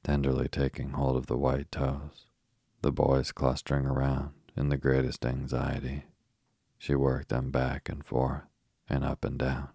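A narrator with an extremely deep, husky voice reads a bedtime story slowly and softly, keeping his pitch nearly flat. His steady delivery is meant for falling asleep. The recording is close and dry, without any echo.

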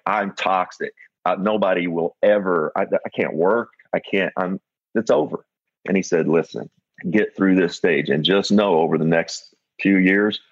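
A man's voice: low voice, no echo, highs cut off. A middle-aged man, the guest, candidly tells a personal story in a reflective way.

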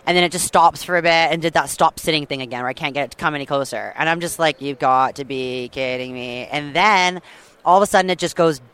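A woman guest telling a long story with lively excitement, full of fillers and quick restarts. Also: deep voice, clean tone. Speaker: guest hunter. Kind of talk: animated storytelling.

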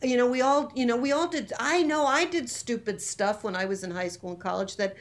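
A woman's voice: on the high side, fairly quick. Impassioned middle-aged woman in casual chat. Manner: impassioned, indignant, emphatic.

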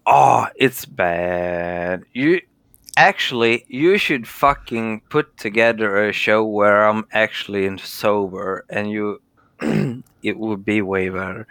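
A man's voice: lowish voice, slow, fairly bright tone, clean tone, no echo. A Swedish man, tipsy, rambling and stumbling over his words in a casual podcast chat over a call. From Sweden. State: drunk. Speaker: podcast co-host. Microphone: remote call mic.

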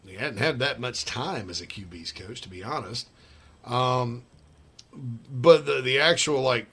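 A man's voice: medium pitch, a bit bright. A man hosting sports radio, rambling and joking in casual banter with bursts of laughter.

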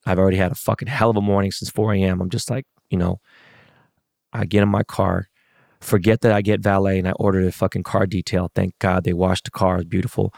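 A man's voice: low-pitched, little pitch movement, a little fast, gravelly, darkish tone, dry recording, studio quality. A middle-aged man in a casual, profane rant, venting about a loss. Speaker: sports fan.

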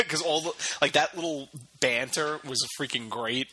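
A man's voice: fairly high pitch, a little slow, bright, forceful tone, breathy edge. A young man chatting casually with friends, rambling through loose sentences full of "like" and often breaking into laughs. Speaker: co-host in a chat among friends. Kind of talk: casual chat.

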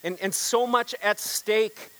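High-voiced pastor preaching a sermon. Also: male voice, slow pace, sharp tone, rough recording. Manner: storytelling with congregation call-and-response; frequent repeated words and restarts.

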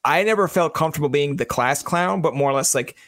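A man's voice: a little high, quick pace, a bit bright, no echo. A man from Canada hosting a podcast, chatting casually and joking, riffing with impressions of imagined people. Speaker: podcast host.

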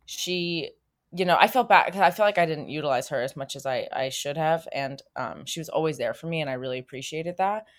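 A woman's voice: low voice, fairly quick. A woman, a stage actor, chatting casually in an interview, talking freely with many fillers and restarts.

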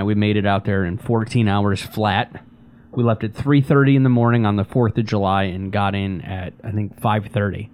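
A man's voice: lowish voice, a little mellow. A man co-hosting a casual sports podcast, telling stories in a dry, laid-back way and swearing casually. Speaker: podcast producer and co-host.

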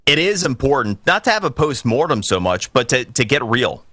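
A man hosting a political call-in radio show, opinionated and emphatic, building to forceful peaks. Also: mid-range voice, sing-song, normal speed, dry recording. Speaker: radio talk show host.

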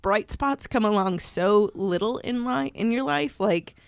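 Podcast co-host, woman, mid-pitched, chatty storyteller who acts out quotes; dry, close recording. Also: a little slow, no echo. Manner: animated storytelling, acts out quotes in higher voices. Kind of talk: casual chat. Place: podcast studio.

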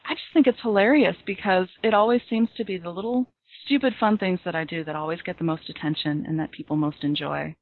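A woman's voice: fairly low pitch, quick pace, dry recording. A woman chats as a podcast guest, laughing easily and teasing herself. Her voice comes through thin and phone-like, with no room sound at all. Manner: laughing, self-mocking. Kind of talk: casual chat. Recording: tinny phone-like line.

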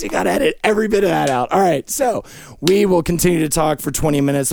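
Young guy rambling profanely on a podcast, slightly high gravelly voice, dry close mic, random yelling. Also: dry recording. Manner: absurd, profane stream of consciousness with sudden yelling. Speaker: podcast host. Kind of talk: rambling comedic monologue.

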